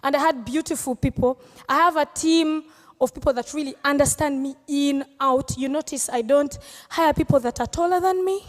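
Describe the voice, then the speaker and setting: A woman's voice: high-pitched, moderate pace, in a large hall. A Ugandan woman comedian answering audience questions on stage, playful and teasing, laughing often. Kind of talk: live Q&A on stage.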